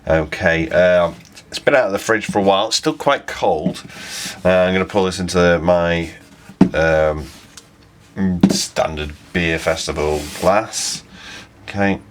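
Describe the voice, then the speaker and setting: Rambling low-voiced man reviewing beer. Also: unhurried, background noise. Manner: rambling and self-correcting, with chuckles. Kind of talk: casual beer review vlog.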